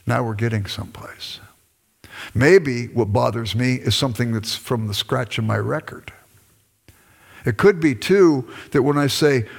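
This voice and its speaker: A man's voice: mid-range voice, gravelly. Middle-aged guy giving a sermon-type talk on marriage, chatty, pokes fun at himself, acts out old arguments. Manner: conversational, acts out his own past arguments; self-deprecating humor. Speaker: speaker on marriage. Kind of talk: sermon-style teaching talk.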